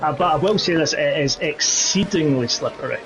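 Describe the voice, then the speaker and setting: A man's voice: a little high, moderate pace, noisy background. A man joining a sim racing broadcast, jokey and rambling, with many hesitations.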